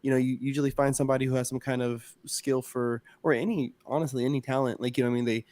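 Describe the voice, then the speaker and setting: A man co-hosting a casual podcast, talking in a relaxed, rambling, slangy way. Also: mid-range voice, fast talker. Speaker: podcast co-host, former youth coach.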